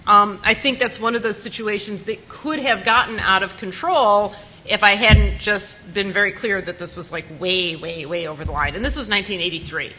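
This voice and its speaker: Blunt, bright-voiced woman telling stories. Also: medium pitch, normal speed, slight background noise, low-quality recording. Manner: lively, blunt and animated anecdote-telling. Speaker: panelist. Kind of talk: storytelling on a conference panel. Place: conference panel room.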